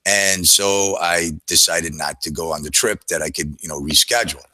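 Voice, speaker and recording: Low-voiced man telling a rambling story. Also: normal speed, bright, forceful tone, dry recording, low-quality recording. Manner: rambling, with frequent fillers and restarts. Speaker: trader telling a story to an audience. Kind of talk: casual storytelling.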